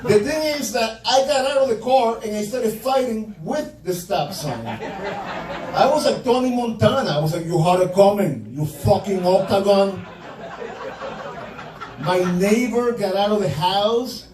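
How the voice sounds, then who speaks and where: High-voiced male comic in a loud club. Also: lively intonation, measured pace. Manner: profane punchy storytelling, acts out quotes. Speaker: stand-up comedian. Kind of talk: stand-up comedy set. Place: comedy club stage. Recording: roomy club sound from far off, loud crowd laughter. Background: audience laughing.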